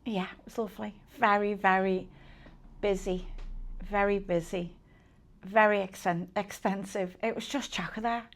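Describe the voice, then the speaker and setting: A woman's voice: medium pitch, fairly even intonation, moderate pace. A middle-aged woman co-hosting a casual chat podcast, telling stories and acting out what people said. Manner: chatty storyteller, acts out quotes. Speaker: co-host, mother.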